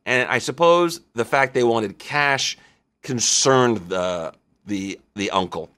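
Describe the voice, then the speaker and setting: Middle-aged male host, mid-pitch, chatty storyteller who acts out the quotes. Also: slow. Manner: animated, conversational, acts out quotes. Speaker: insurance show host. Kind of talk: storytelling monologue.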